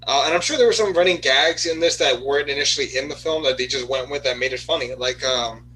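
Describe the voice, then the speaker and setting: A man's voice: mid-range voice, fast, bright, forceful tone, rough recording. A young man co-hosting a casual movie review podcast, easygoing and hesitant, with many fillers. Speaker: podcast co-host.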